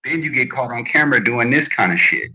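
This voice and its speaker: A man's voice: medium pitch, brisk, sharp tone, husky, poor audio. A man giving blunt, defiant video commentary straight to his viewers. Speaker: online commentator.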